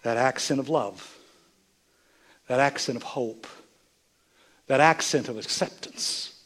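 An older bishop delivers a sermon slowly in a husky, breathy, mid-pitched voice. He sinks into soft, hushed phrases before rising to loud, emphatic declarations.

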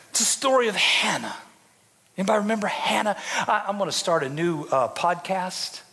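A man's voice: high-pitched, animated, normal speed, vocal fry, bright, forceful tone, breathy edge, long reverb tail. A man, a bishop, preaching a sermon in a folksy, dramatic storytelling way with joking asides to his congregation.

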